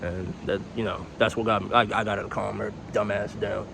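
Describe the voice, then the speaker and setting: A man's voice: lowish voice, level tone, normal speed, creaky, background noise. A young man telling a personal story in a casual storytime vlog, rambling, candid and profane.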